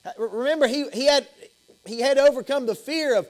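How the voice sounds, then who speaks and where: A man's voice: very high voice, lively intonation, fast. A man with a Southern US accent preaching an evening sermon as pastor, impassioned, repeating and restarting phrases. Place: church sanctuary.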